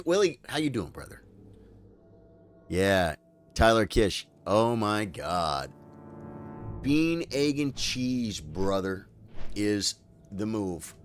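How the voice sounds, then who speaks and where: A man chatting casually and telling rambling stories while streaming a video game. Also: lowish voice. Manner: rambling, animated storytelling. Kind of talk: casual gaming stream chat.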